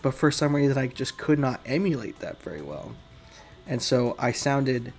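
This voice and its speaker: A man's voice: medium pitch, very animated, moderate pace, darkish tone, soft background music. A man giving casual, rambling, self-deprecating behind-the-scenes commentary on a game he developed.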